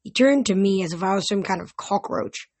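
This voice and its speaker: A woman reading a novel aloud in steady audiobook narration. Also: mid-range voice, brisk. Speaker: reader.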